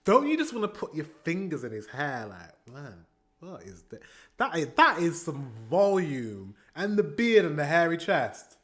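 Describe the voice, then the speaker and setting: With a slightly high voice, big swings in pitch and an unhurried pace, a man from Britain reacts to music. His commentary is chatty and rambling, broken up by frequent laughter, over faint pop music in the background.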